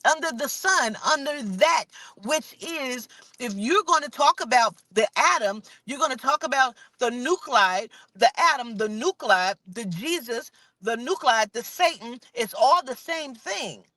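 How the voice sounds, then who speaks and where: A woman's voice: lively intonation, a little slow, bright, forceful tone, no echo. A woman giving an impassioned, profane spiritual monologue, repeating and stressing her points in a preachy way. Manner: preachy, profane, repetitive and emphatic; drops to a low mutter when saying she is getting angry. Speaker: spiritual vlogger.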